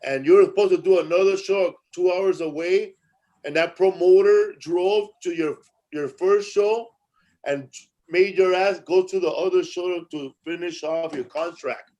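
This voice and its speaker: A man's voice: sits high, a little slow, dark tone, lo-fi sound. A man hosting a podcast, asking questions and teasing his guest in casual chat. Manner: joking, teasing interviewer. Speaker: podcast host.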